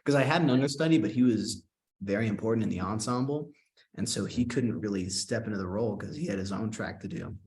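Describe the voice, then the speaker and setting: Animated young man telling a story. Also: on the low side, fast. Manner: animated, quoting himself in excited bursts. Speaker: guest actor and singer. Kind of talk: casual interview storytelling.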